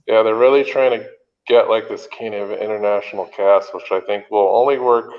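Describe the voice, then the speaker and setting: A man chatting casually as a podcast co-host, talking in a relaxed, hesitant way. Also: on the low side, moderate pace, a crowd in the background. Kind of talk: casual chat. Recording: dull audio with long reverb.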